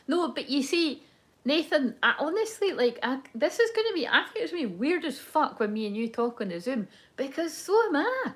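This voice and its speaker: A woman's voice: high-pitched, big pitch swings, normal speed. Chatty, swearing woman reading tarot. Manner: chatty, rambling, laughs often, swears freely. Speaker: tarot reader. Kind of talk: casual live tarot chat.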